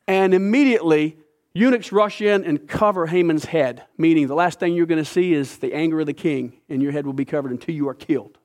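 A man preaching a sermon, retelling a scripture story with lively asides. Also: high voice, a little fast. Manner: animated storytelling, acting out characters. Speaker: pastor.

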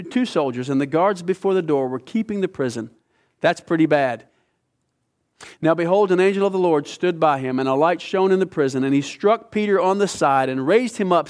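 A middle-aged male pastor preaching a sermon, telling a story with passion and dropping from loud to hushed. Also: on the high side.

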